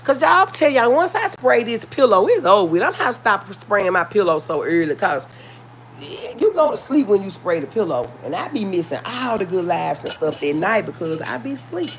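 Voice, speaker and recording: A woman's voice: medium pitch, very animated, normal speed, a little hiss or hum. A woman with a Memphis Southern accent, chatting casually with her livestream viewers and often calling them y'all. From Memphis, Tennessee. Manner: earnest, warning tone. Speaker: livestream host.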